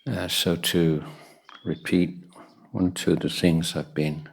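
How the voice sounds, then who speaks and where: Very deep, flat-voiced monk guiding meditation. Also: male voice, gravelly, husky. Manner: unhurried, pausing often with soft fillers. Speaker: Buddhist monk teaching meditation. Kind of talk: guided meditation talk.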